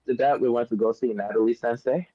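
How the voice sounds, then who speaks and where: A man's voice: mid-range voice, steady tone, fast talker, muffled recording, a crowd in the background. A man co-hosting a podcast in casual chat, slangy and emphatic, hyping things up. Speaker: podcast co-host.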